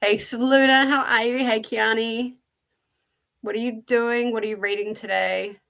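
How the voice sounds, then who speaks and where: A woman with a New Zealand accent hosts a relaxed livestream, her voice carrying a gravelly, fry-touched edge. She chats loosely and greets viewers one by one as she reads and answers their messages. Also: a little high, normal speed. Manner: chatty, greets viewers by name and answers chat. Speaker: livestream host. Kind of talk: casual livestream chat.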